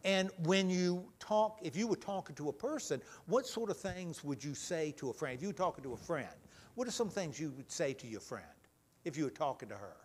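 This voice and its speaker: A man leading a children's talk in church, gentle and full of questions. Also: on the high side, expressive, fairly quick, slightly rough. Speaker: pastor leading a children's message. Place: church sanctuary.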